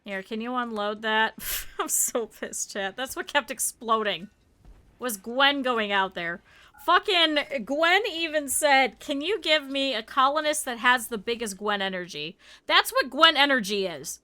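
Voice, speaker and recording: A woman's voice: a little high, expressive, a little slow, pushed and bright. A woman streamer commenting on her gameplay live, chatting with her viewers, scolding her characters and swearing freely.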